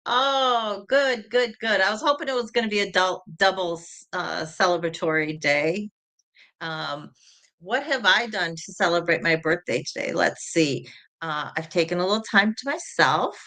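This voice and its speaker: Bright-voiced woman hosting a casual call. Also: lowish voice, animated, normal speed. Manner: chatty and rambling, reading viewers' names aloud. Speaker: host of an online community call. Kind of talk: casual chat.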